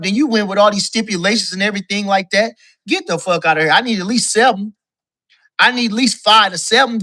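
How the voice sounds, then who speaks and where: A guest caller and boxing commentator with a high, pushed, bright voice rants on a boxing talk show. He is emphatic and profane in casual talk, hammering the same points again and again.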